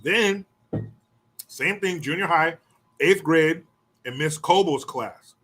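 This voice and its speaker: A middle-aged man casually telling profane, animated stories from his school days, acting out what others said. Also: on the high side, slow pace. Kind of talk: casual storytelling.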